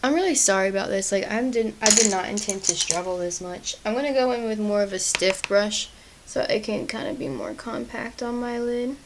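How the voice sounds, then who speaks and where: Chatty young woman with gravelly fry. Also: medium pitch, a little fast, background noise. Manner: chatty, self-deprecating, apologetic. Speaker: beauty vlogger. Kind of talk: casual makeup tutorial chat.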